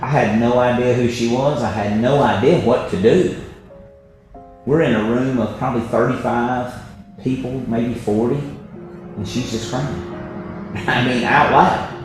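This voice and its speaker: A man's voice: medium pitch, measured pace. A man presenting a health webinar, telling stories emphatically and tagging his points with "right?". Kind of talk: motivational health talk. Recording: very echoey room, faint music.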